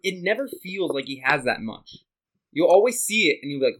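A young man on a casual sports podcast, eager and quick with questions and excited asides. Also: fairly high pitch. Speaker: podcast co-host.

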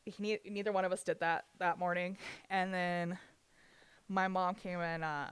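A woman's voice: on the low side, steady tone, moderate pace, clear, resonant tone, no echo. A young woman telling an emotional personal story in candid conversation, swearing freely and laughing through the pain.

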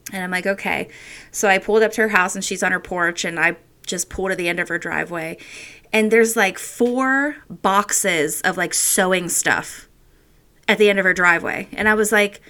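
A woman's voice: medium pitch, moderate pace, bright, forceful tone. A middle-aged woman telling rambling, frank family stories in a casual chat. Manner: rambling storyteller, frank and laughing.

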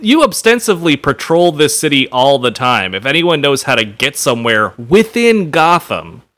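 Bright, lively man laughing through chat. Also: fairly high pitch, moderate pace. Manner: laughs often, animated riffing. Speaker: podcast co-host. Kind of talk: casual chat.

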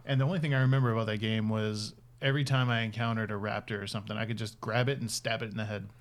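A man's voice: on the low side, steady tone, rapid-fire. A man co-hosting a casual gaming podcast, making joking quips and laughing. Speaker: podcast co-host.

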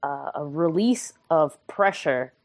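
A young woman with a low voice tells her own story in a relaxed podcast chat. She is frank and funny, and her feelings show as she talks. The sound is dry and close. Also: slow, dry recording. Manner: candid, humorous, emotional. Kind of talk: casual storytelling.

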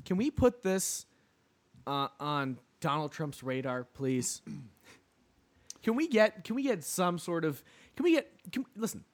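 A man's voice: a little high, very animated, a little slow, pauses often. A man co-hosting a podcast in casual comedic chat, rambling and jokey as he riffs. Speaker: podcast co-host.

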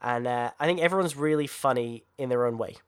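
A man co-hosting a casual podcast chat, animated and quick to swear and laugh. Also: mid-range voice, clear, resonant tone. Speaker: podcast co-host.

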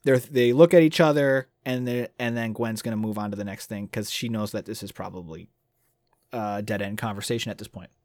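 A man's voice: on the low side, fairly quick, a little mellow, no room sound, clean studio sound. A man hosting a casual book discussion podcast, who talks enthusiastically and reads passages aloud. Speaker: podcast host.

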